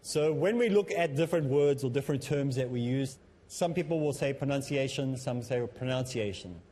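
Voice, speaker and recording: A man presenting a televised lesson on public speaking, talking in a measured, instructive way that he himself calls a bit monotonous. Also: on the high side. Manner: self-described as a bit monotonous. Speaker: Islamic teacher and TV presenter.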